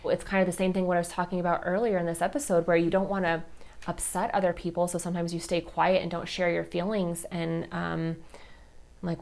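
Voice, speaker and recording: A woman in her thirties with a slightly low voice hosts her own podcast. She talks candidly and from the heart, with a loose, chatty delivery full of fillers. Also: little pitch movement, a little fast, vocal fry, a little mellow. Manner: candid, heartfelt, many fillers like "like" and "you know". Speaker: podcast host. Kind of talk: personal storytelling podcast.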